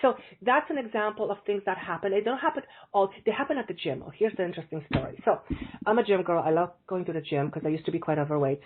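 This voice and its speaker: A woman telling animated, chatty anecdotes as a guest on a casual interview, heard over a remote call. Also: on the low side, slightly rough. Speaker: psychic medium guest. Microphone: remote call line. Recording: tinny call audio.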